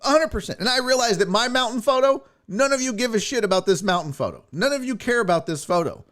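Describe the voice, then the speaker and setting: A man's voice: very high-pitched, fast. A young man hosting his own show, telling road-trip stories in a casual, profane way and acting out what people said. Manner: profane, animated, acts out quotes. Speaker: podcast host. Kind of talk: casual storytelling.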